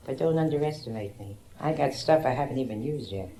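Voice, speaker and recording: A woman's voice: extremely low pitch, expressive, fairly quick, very noisy. A middle-aged woman doing bawdy stand-up comedy in a nightclub, teasing the audience on a handheld mic. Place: nightclub stage with live audience. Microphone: handheld stage mic. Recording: roomy early-1960s live club recording with music.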